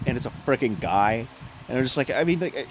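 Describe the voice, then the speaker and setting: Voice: medium pitch, animated, fast talker, slight background noise, low-quality recording. A podcast co-host in casual chat who rambles, restarts often, and drops sarcastic asides.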